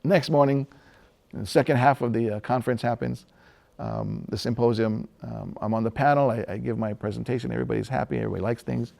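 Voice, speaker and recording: A man from Hawaii telling a personal story in a relaxed, conversational way, pausing often and chuckling now and then. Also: mid-range voice, gravelly.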